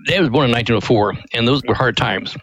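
A man's voice: mid-range voice, fast talker, no room sound, rough recording. Older male guest, earnest storyteller, dry close mic. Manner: earnest, animated when acting out quotes. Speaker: ministry president, guest. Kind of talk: interview storytelling.

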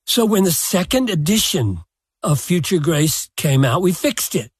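An older man, a pastor, answering a question slowly and deliberately, with self-deprecating chuckles. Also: high voice, expressive, breathy edge, no room sound, studio quality. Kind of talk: reflective podcast answer.

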